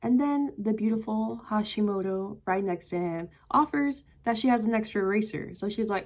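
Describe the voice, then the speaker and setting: A woman's voice: medium pitch, normal speed, few pauses, darkish tone. A young woman casually reviewing a manga, retelling the plot in a chatty way full of "like" and "yada yada". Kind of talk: casual book review vlog.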